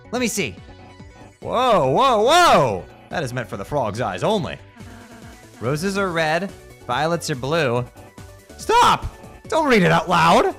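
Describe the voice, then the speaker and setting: A man reading game dialogue aloud during a playthrough, swinging between loud outbursts and low mutters.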